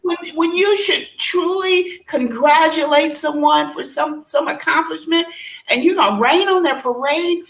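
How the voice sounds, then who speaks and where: A woman life coach sharing a personal testimony in a virtual discussion, an animated storyteller who laughs often and acts out what people said. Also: sits high, measured pace, echoey room, low-quality recording. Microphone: video call.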